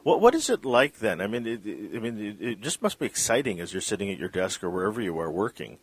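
A man's voice: lowish voice, very animated, fast, breathy edge, dry recording. A man hosting an interview, asking questions with frequent restarts and repeated words. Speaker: interviewer host. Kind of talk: interview conversation.

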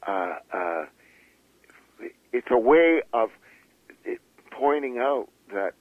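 A man, an author being interviewed, talking in a halting way with many fillers and restarts. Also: medium pitch, very animated, no echo, phone-quality sound. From Canada. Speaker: author guest. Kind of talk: interview conversation.

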